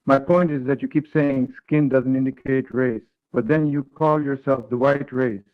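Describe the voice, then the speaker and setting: A man narrates a third-person story in a flat, read-aloud manner at a moderate pace. His voice is middle-pitched and sounds thin and tinny, like audio from an online call.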